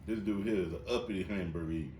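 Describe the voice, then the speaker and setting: A man hosting a podcast in a loud, joking way, laughing a lot and swearing freely in casual chat. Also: low-pitched, rapid-fire, a little hiss or hum. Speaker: podcast host. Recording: echoey room, mic at a distance.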